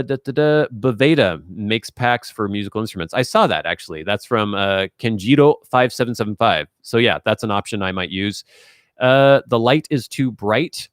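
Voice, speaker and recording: A man's voice: mid-range voice, smooth, no echo, studio quality. A young man hosting a casual live stream, chatting as he reads out and answers viewer questions. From US Northwest.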